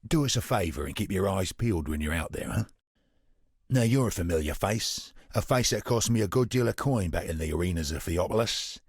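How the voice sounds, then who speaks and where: An actor playing a gruff, sardonic male gambler in a video game, with a wry, husky drawl. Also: low-pitched, expressive, a little fast, dry recording, studio quality, full character voice. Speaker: game character.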